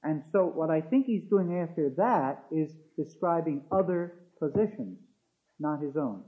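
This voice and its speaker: A man with a voice on the high side, expressive and a little slow, teaches a theology class. He hesitates with fillers and restarts, then reads quoted passages aloud with emphasis. The classroom recording is dull and lo-fi.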